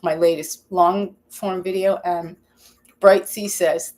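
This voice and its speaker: Live from her home kitchen, a cooking channel host chats loosely and rambles in an unscripted, casual way, pausing to read viewer comments aloud. Her slightly low voice is a little mellow, with lively intonation at normal speed.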